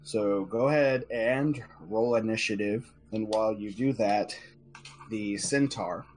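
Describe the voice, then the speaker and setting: A man narrating a tabletop game as game master, talking in a relaxed, conversational way. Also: fairly low pitch, a little slow, slight background noise.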